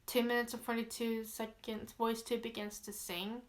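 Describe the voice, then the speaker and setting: Woman, vlogger, casual read-aloud, chatty, easily spooked, filler-heavy, slightly high voice. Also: little pitch movement, moderate pace.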